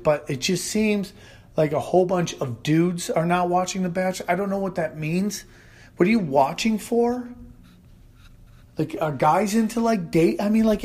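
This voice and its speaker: A man doing a stand-up monologue, animated and loose, swearing casually and acting out shouted bits. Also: on the high side. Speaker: stand-up comedian.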